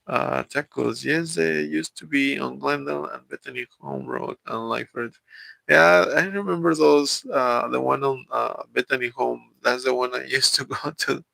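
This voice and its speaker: A man with a Mexican accent whose first language is Spanish, chatting casually on a live stream. His voice is deeply gravelly and bright, with a lot of fry. He talks in a halting way, full of fillers and restarts, in a dry room with no echo. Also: fairly even intonation. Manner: halting, many fillers and restarts, chuckles often. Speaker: livestream host. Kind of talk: casual live-stream chat reading viewer comments.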